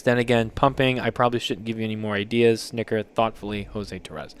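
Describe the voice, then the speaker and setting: A male podcast host reads listener submissions aloud on a casual show, reacting with loose, joking commentary and swearing freely. His mid-range voice is sharp yet smooth, at normal speed with few pauses and no echo.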